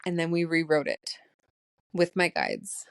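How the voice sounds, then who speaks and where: Solo podcast host, woman, late 30s, lowish voice, tearful and shaky, laughs between thoughts, dry close sound. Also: huge pitch swings, a little slow, vocal fry, dry recording. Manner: emotional, laughing through her words. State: voice shaking, close to tears. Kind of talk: solo spiritual diary podcast.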